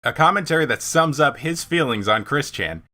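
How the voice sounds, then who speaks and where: A man's voice: mid-range voice, animated, normal speed, pushed and bright. A man narrating a scripted online documentary in a dry, sarcastic way.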